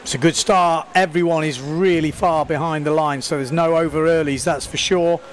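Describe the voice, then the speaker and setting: A man doing live sports commentary, excitable and talking fast over the action, recorded outdoors at a beach event. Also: on the high side, a little hiss or hum. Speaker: windsurfing commentator.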